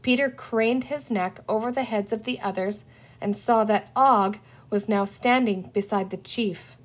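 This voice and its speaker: A woman reading a children's storybook aloud in a clear, deliberate manner. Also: medium pitch. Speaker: audiobook reader. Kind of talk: storybook narration read aloud.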